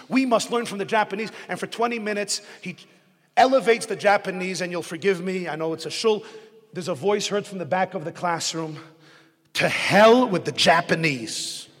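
A man, a rabbi, giving a sermon full of jokes and stories, rising to loud emphatic peaks. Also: high-pitched, brisk. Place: synagogue hall. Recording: echoey hall recording.

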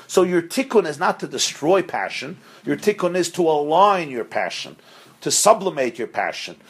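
A middle-aged man gives a Torah lecture to a live group in a husky, somewhat breathy voice. He teaches emphatically, repeating key words in threes and slipping into quoted voices to act out his points. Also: on the high side, big pitch swings, moderate pace. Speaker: rabbi teaching a class.

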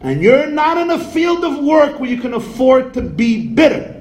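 A man's voice: very high-pitched, very animated, normal speed, darkish tone, echoey room, poor audio. A man giving a humorous sermon as a rabbi, telling stories and jokes sprinkled with Yiddish words.

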